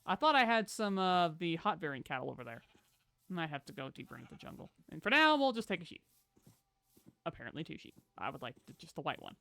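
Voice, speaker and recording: Chatty, bright-voiced game streamer. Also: medium pitch, big pitch swings, quick pace, gravelly, no echo. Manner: chatty and playful, talking to chat and pet; bursts into loud exclamations. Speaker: live streamer. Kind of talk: casual gameplay chat.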